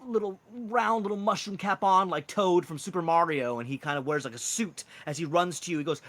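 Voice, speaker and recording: A man's voice: on the high side, brisk, hardly any pauses, a bit bright. A man narrating a tabletop role-playing game as game master in a casual, rambling way. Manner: casual, lots of "like" and "kind of".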